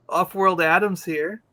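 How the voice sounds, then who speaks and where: A man chatting casually on a show, telling an animated story and acting out the quotes. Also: high voice. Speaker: podcast co-host. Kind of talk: casual chat.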